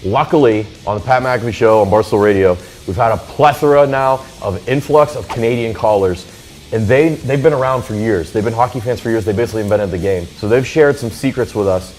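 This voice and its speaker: A man's voice: fairly low pitch, a little fast, a little mellow, soft background music. A man co-hosting a scripted comedy sketch, speaking in a mock-solemn, announcer-like way. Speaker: sketch co-host.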